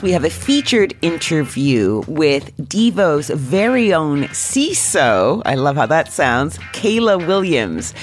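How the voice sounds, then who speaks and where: A woman from Canada co-hosting a podcast, teasing and laughing often in casual chat. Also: low voice. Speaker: podcast co-host.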